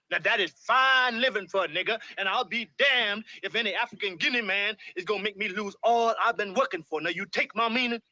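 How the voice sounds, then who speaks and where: A man's voice: sits high, bright, forceful tone. An actor playing an older enslaved male fiddler in a film drama, speaking in a thick period Southern dialect and deferring to his master.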